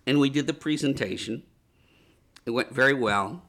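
A man's voice: mid-range voice, moderate pace. A man telling anecdotes as an interview guest, laughing often and acting out what people said. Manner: lively anecdotes, laughs often, acts out quotes. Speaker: animator guest. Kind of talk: casual interview storytelling.

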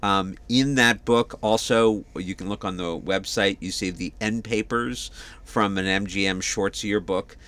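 Chatty man with a low voice. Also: steady tone, unhurried, a bit bright. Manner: chatty, hesitant with many fillers. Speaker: podcast co-host. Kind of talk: casual chat.

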